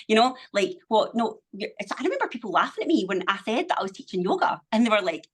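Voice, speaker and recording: A woman's voice: medium pitch, big pitch swings, fast talker, few pauses, slightly rough. A middle-aged woman, speaking as a podcast guest in casual conversation, emphatic and motivational, swearing freely. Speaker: podcast guest, business owner.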